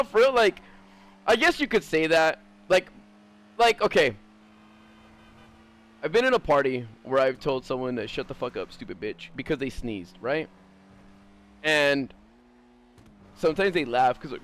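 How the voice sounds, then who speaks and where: A man's voice: on the high side, a bit bright. A young man streaming, talking casually in a blunt, profane, rambling way full of fillers. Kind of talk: casual livestream chat.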